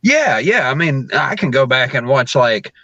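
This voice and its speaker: A man's voice: mid-range voice, very animated, moderate pace, muffled recording, crowd noise. A man who is a wrestler, telling a story on a podcast as a guest, with lots of fillers and frequent laughs. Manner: laughs often, rambling with many fillers. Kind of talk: casual storytelling.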